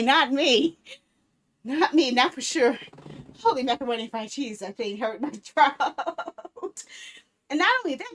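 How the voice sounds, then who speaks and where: A woman's voice: sits high, slight background noise. A woman in her thirties streaming a casual chat, rambling playfully and laughing often. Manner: playful, silly baby talk.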